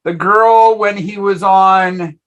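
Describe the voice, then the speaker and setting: A man's voice: high voice, fairly even intonation, slow pace, fairly bright tone, lo-fi sound. A man hosting a podcast in casual chat, blunt and frank, with loose phrasing. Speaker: podcast host.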